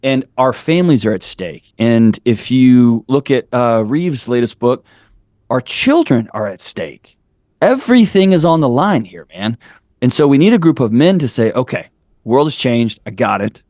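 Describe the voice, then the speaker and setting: Speaking as a guest on a podcast, a man in his forties shares candid, blunt stories, his arguments swelling with preacher-like fervor. The dry, studio-quality recording captures a mid-range voice that's animated, a little mellow, and at normal speed.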